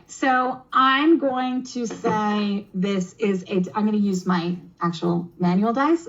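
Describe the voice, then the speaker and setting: A woman with a slightly high voice runs a tabletop adventure for kids as game master. She explains the rules in a chatty, teacherly way and encourages her player. The sound is dull and lo-fi, like a video call. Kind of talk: explaining and running a kids' tabletop game demo.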